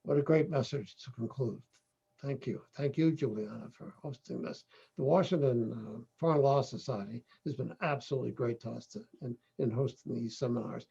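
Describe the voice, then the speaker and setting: A man moderating an online panel discussion, halting, with many fillers. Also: mid-range voice, vocal fry, dark tone, husky. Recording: dull lo-fi audio.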